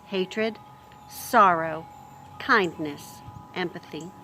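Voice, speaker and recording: A woman reading a chapter book aloud to children in a gentle manner, talking to her listeners and explaining words as she goes. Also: lowish voice, drawn-out words, soft background music. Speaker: storybook reader. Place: home near a street.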